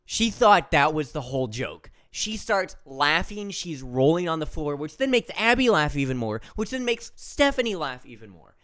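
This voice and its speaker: A man's voice: a little high, moderate pace, few pauses, dry recording, clean studio sound. A man co-hosting a podcast, telling a funny family story in a playful, casual way. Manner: animated, playful. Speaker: podcast co-host.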